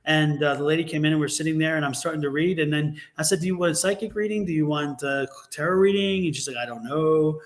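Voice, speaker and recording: A man's voice: fairly high pitch, quick pace, few pauses. A man reading tarot and co-hosting a casual live chat, telling stories at length and repeating his agreements. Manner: chatty storyteller, repeats agreements. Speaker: tarot reader and co-host.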